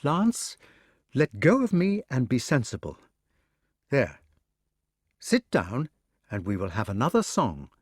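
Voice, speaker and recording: A man reading an audiobook, voicing a proud, quick-tempered queen in a raised, scolding voice. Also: mid-range voice, huge pitch swings, husky, no room sound, clean studio sound, exaggerated voice. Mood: soothing. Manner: sharp, scolding, teasing.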